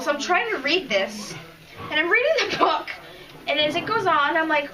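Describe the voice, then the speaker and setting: A woman's voice: high voice, expressive, fairly quick, far from the mic, crowd noise, low-quality recording. A woman co-hosting a podcast, chatting casually and emotionally about comics she has read, often restarting her sentences. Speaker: podcast co-host. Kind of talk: casual chat reviewing comics.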